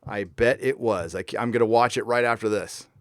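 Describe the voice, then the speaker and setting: A man hosting a casual live stream, ranting with lots of swearing and reading out viewer messages in a warm room. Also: medium pitch, normal speed, dry recording.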